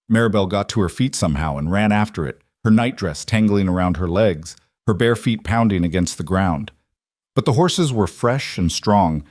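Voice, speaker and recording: A man's voice: fairly low pitch, a little mellow, no room sound, clean studio sound. A man reading a dramatic story in a scripted narration style.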